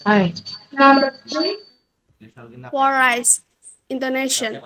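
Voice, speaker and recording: A woman, a student presenter slowly explaining course material, hesitating over her words. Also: high-pitched, rough recording. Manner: slow, hesitant explaining with fillers.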